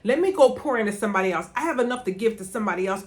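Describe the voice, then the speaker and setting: A middle-aged woman vlogging from a room at home with a voice pitched a little above most women's. She tells her own story in an emphatic motivational way and hammers her points by repeating words. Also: very animated, fast talker, hardly any pauses. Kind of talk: personal storytelling to camera.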